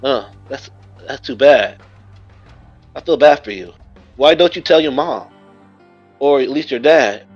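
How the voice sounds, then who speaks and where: A man's voice: mid-range voice, lively intonation, measured pace, pauses often, dull audio, soft background music. Give me a brash, boastful teen boy ninja hero, played by a man in a fan-made story. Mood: sympathetic.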